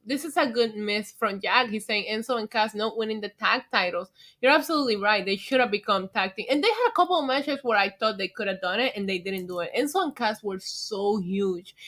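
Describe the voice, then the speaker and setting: A woman's voice: mid-range voice, fairly bright tone. A young woman with a New York accent hosting a casual livestream, tipsy and chatty, laughing often as she reads the chat. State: drunk. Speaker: livestream host.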